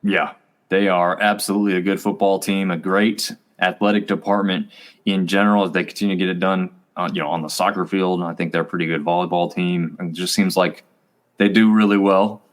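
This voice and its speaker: A man's voice: deep voice, fairly even intonation, brisk. A man co-hosting a college sports review show, chatting casually and rambling with fillers. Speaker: co-host.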